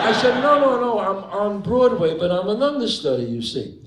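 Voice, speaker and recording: An older man with a New York accent from the Bronx, telling an animated story on a theater stage and acting out the people in it. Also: high voice, a little fast, heavy background noise. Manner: animated raconteur, acts out the people in his stories. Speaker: guest actor on stage. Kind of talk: live onstage storytelling. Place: theater stage before an audience. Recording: roomy live venue with crowd.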